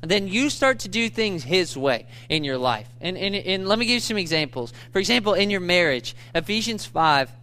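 A man's voice: high-pitched, animated, normal speed, hardly any pauses, pushed and bright. A man preaching a sermon, earnest and repetitive, building emphasis on his main points. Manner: earnest, repeats key phrases for emphasis, rises in intensity on main points. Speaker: pastor.

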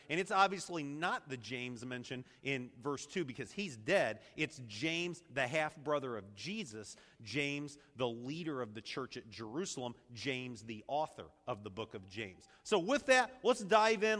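A middle-aged pastor preaches with energy, drawing his congregation into call-and-response. His voice sits a little high and rings bright and forceful. The sound carries the long reverb of a church hall. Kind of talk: sermon. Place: church sanctuary.

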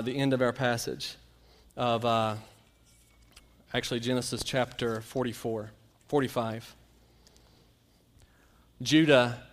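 A man preaching a sermon, telling Bible stories and a personal anecdote and acting out the quotes with lively shifts. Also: medium pitch. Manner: storytelling, animated, acts out quotes.

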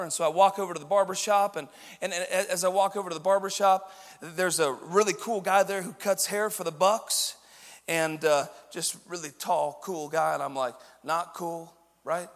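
Man, pastor, sermon, high-pitched voice, long hall reverb, energetic storytelling. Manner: energetic, swings from quiet asides to shouted emphasis.

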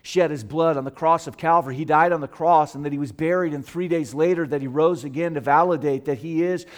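A man preaching a sermon as pastor. He drops low and soft, then builds to loud, emphatic peaks, and slows down to stretch out the scripture quotes. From United States. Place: church sanctuary.

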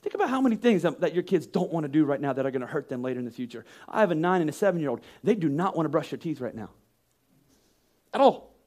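A man's voice: fairly high pitch, very animated, quick pace, darkish tone. A man in his thirties preaching a sermon, emphatic and rhetorical, often acting out the voices of the people he quotes. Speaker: pastor.

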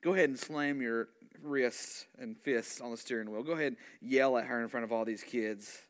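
A preacher in mid-sermon voicing the devil, a sly male tempter who coaxes softly and then sneers with cold contempt. The voice sits at an ordinary man's pitch. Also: moderate pace, lightly acted. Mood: coaxing. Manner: smooth coaxing lies, then cold belittling. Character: sly male devil, coaxing tempter turned scornful accuser. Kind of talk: preacher acting out a quoted voice in a sermon.

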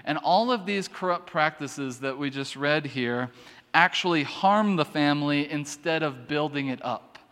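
A man's voice: on the high side, a little slow, a bit bright. A man preaching a sermon from the pulpit, talking casually with frequent restarts and asides between scripture readings. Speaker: pastor. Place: church. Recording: long church reverb.

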